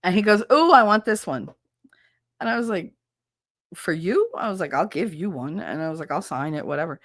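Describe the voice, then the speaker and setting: Thirties woman streamer, low-ish voice, swearing storyteller, dry close sound. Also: expressive, a little fast, no echo. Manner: chatty storyteller, swears freely, laughs often. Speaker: livestreamer. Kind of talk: casual chat with viewers.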